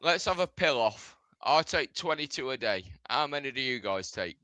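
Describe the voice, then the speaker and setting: Bright, lively man joking around. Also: mid-range voice, normal speed. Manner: joking, laughs a lot, swears. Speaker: podcast panelist. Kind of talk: casual chat.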